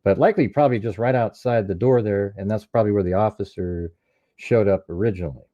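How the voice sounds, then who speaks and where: Low, dark-voiced man breaking down a recording. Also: fast, no echo, highs cut off. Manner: explains step by step, points out details. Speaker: true crime commentator. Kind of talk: casual analysis, walking through a recording.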